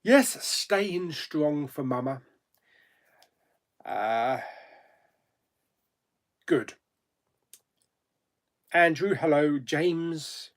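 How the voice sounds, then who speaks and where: A man's voice: fairly high pitch, expressive, very slow, pauses often. A man hosting a live chat stream, greeting viewers one by one by name in an easygoing, chatty way. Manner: easygoing, thinks aloud with ums and asides.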